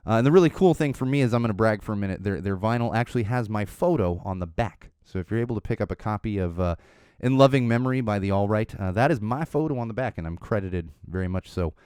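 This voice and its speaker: A man's voice: on the low side, animated, fast talker, darkish tone, clear, resonant tone, no room sound, studio quality. A man hosting a podcast, telling a long story in a casual, rambling way with lots of fillers and chuckles. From Southern California. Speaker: podcast host. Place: podcast studio. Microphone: studio mic.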